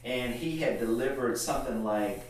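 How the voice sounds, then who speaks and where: A man's voice: medium pitch, normal speed. A middle-aged man, a guest, telling a story in laid-back casual chat. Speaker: guest, entrepreneur. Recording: very echoey room, mic far off.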